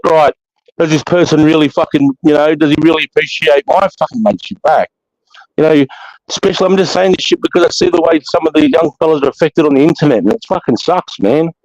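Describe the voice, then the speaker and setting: A man's voice: a little high, a little mellow, no echo. An Australian man hosting a live chat, talking bluntly with heavy swearing and preaching with emphasis. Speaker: host of a live chat show. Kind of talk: casual spoken monologue. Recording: dull lo-fi dry audio.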